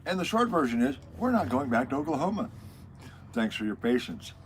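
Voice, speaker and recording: A man's voice: mid-range voice, very animated, brisk, noisy background. A man hosting a casual livestream chat, wry and talkative as he greets his viewers. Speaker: livestream host.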